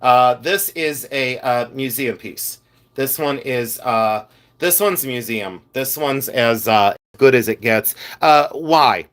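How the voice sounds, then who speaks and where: A man's voice: mid-range voice, takes it slowly, a bit bright. Middle-aged male reseller, mid-range voice, frank and fed-up, filler-heavy casual livestream talk. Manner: blunt and exasperated, with frequent "uh" fillers. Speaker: vintage jewelry reseller hosting a livestream.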